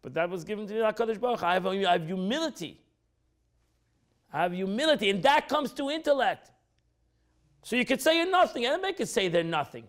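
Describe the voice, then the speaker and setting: High-pitched, animated rabbi teaching a class. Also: male voice, a little fast. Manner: acts out quoted speech with pitch jumps, repeats phrases.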